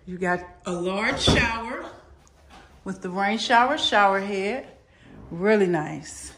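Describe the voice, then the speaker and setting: A woman's voice: mid-range voice, expressive, takes it slowly, noisy background. A woman giving a casual, chatty tour of a modular home, somewhat out of breath, recorded on a handheld phone indoors. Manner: chatty, repeats "really lovely". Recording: echoey empty rooms.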